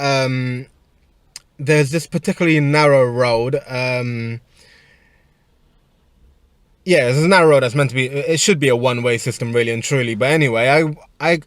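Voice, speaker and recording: A man, a personal trainer, telling a casual story in a rambling, animated way with frequent restarts. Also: a little high, dry recording, studio quality.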